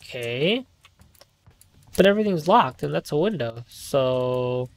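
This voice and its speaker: A man's voice: on the high side, lively intonation, a little slow, pauses often, a little hiss or hum. A man streaming a game live, commenting nervously as he plays, rambling and often swearing.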